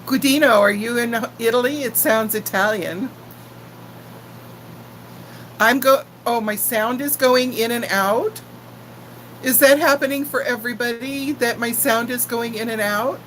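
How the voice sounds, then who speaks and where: Slow-talking chatty woman in her sixties. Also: on the high side, a bit bright, a little hiss or hum, low-quality recording. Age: 60s. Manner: chatty and affectionate, greeting viewers by name. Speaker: channel host chatting with live viewers. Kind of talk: casual live-stream chat.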